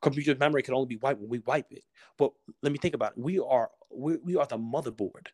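Speaking fast at a medium pitch with a darkish tone, a man appears as a podcast guest. The conversation is casual and motivational, and he delivers it like a passionate preacher, performing the voices he quotes.

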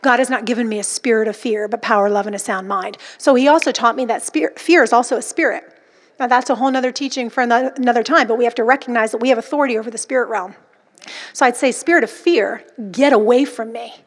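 High-voiced woman preaching with emphasis. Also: fairly even intonation, quick pace. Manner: emphatic, dramatic quoting of inner voices. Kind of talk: sermon.

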